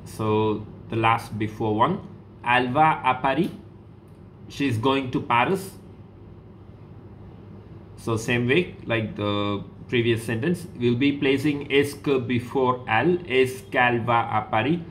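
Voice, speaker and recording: A man's voice: medium pitch, takes it slowly, fairly bright tone, a little hiss or hum. A man teaching a French lesson to a school class, patient and repetitive, saying okay between steps. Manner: patient, repeats each example, says okay often.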